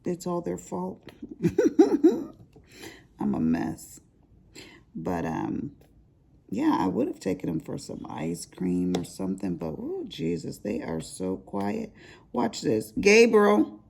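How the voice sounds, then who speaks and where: A woman's voice: fairly low pitch, wildly swooping pitch, takes it slowly, gravelly, long pauses, warm tone, husky. An older grandmother chatting casually to her viewers as she crafts, rambling and laughing at her own asides. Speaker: crafting vlogger. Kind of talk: casual chat while crafting.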